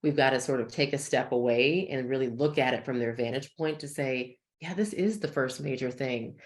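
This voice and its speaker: Brief: deep-voiced woman psychologist, calm and reassuring, talking over a video call. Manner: warm, reassuring, measured explanations. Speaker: psychologist guest. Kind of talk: expert interview, conversational.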